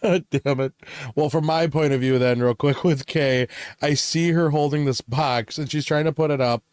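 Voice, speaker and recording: A man's voice: a little high, fairly even intonation, moderate pace, darkish tone, clear, resonant tone, no room sound, clean studio sound. A young man co-hosting a casual chat, telling work stories and laughing often as he talks. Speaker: podcast co-host.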